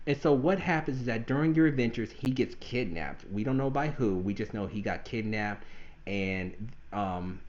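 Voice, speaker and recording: A man hosting a gaming podcast in casual chat, animated and often laughing. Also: medium pitch, dull audio. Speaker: podcast host.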